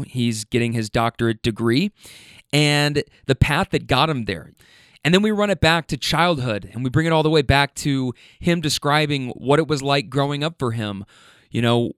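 A man's voice: medium pitch, smooth, dry recording, studio quality. A man hosting his own podcast, introducing the episode in a casual, enthusiastic and slangy way, rambling with restarts. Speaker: podcast host.

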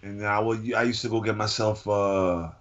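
A man's voice: lowish voice, steady tone, fairly bright tone, slight background noise. Incredulous man, lo-fi podcast sound. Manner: incredulous, rapid-fire questions. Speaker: podcast co-host. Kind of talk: casual chat. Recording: dull lo-fi sound.

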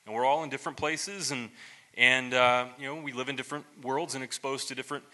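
A pastor with a very bright, sharp-edged voice preaches in an easy, chatty way. He talks in loose stories full of restarts and little asides and pokes fun at himself as he goes. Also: medium pitch, fast talker. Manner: relaxed storytelling, many restarts and asides; self-deprecating humor. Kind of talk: conversational sermon.

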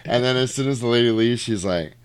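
A man casually retelling a comedy film for a podcast, acting out the lines in high put-on voices and laughing often. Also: brisk, a crowd in the background. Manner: animated storyteller, acts out quotes in high voices, laughs often. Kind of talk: casual movie recap chat.

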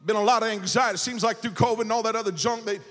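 A male pastor preaching a sermon, shouting in a sing-song cadence and stammering repeated words. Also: high-pitched, fairly even intonation, fast talker, soft background music. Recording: reverberant church hall.

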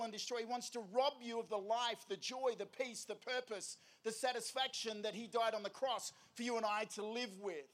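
A man delivers an evangelistic sermon in a fairly high voice. His delivery is energetic and conversational. He keeps putting rhetorical questions to his listeners. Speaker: preacher.

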